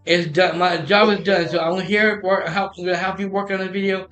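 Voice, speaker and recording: High, bright-voiced man telling a rambling story. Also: flat delivery, a little fast. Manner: rambling, many restarts and retold dialogue. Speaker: streamer. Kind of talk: casual storytelling to a friend. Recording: echoey room with music behind.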